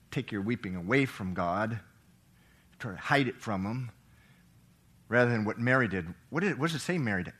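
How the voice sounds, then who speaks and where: A middle-aged pastor with a fairly low voice preaches a sermon, alternating between loud, emphatic lines and quiet, gentle reading while posing questions to the congregation.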